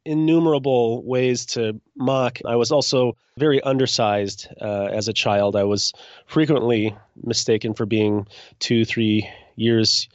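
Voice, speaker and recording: A man in his forties from Minnesota, a juggler telling his story as a guest in a relaxed, self-deprecating way. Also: medium pitch, unhurried, no echo, muffled recording. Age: 40s. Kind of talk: casual interview.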